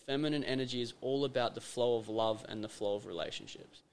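A man's voice: medium pitch, fast, clear, resonant tone. An Australian man hosting a casual podcast conversation, talking emphatically, repeating phrases for effect and acting out little scenes. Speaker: podcast host.

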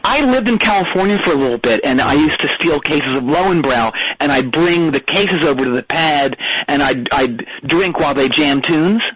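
A man's voice: a little high, lively intonation, moderate pace, few pauses, a bit bright, a little hiss or hum, low-quality recording. A man playing a jittery, hyped-up caller on a comedy call-in show, rambling from tangent to tangent. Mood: wired. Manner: wired, rambling, jumps between tangents. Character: jittery hyped-up adult male caller, rock-band hanger-on. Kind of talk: comedic prank-call character.

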